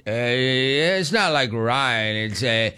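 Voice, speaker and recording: A male radio host spinning a story for his listeners, his pitch swinging widely as he acts out each quote. He talks in quick bursts and jumps between tangents, loose and casual behind the mic. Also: expressive, bright, forceful tone. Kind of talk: casual talk radio monologue.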